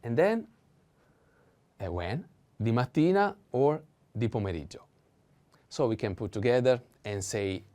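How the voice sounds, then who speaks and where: Male language teacher; unhurried, filler-heavy explanations, lively pitch. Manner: slow, halting explanations with frequent fillers. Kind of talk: language lesson.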